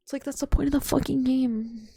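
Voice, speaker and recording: A woman's voice: high-pitched, steady tone, brisk, creaky, dark tone, husky. A young adult woman streaming a game from home, rambling and swearing casually and laughing often as she chats to viewers. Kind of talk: casual gaming stream chat.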